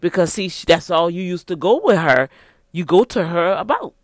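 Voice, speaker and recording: A man's voice: sits high, animated, moderate pace, no room sound, clean studio sound. A man giving casual, preachy relationship advice to other men, emphatic and repetitive, often restarting his sentences. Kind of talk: casual motivational talk.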